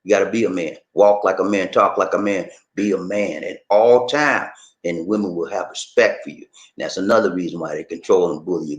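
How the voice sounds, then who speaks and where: A man giving casual relationship advice on a vlog, emphatic and preachy, calling the listener "man" and "baby". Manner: animated, swoops up high for emphasis. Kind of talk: casual motivational advice talk. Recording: echoey room.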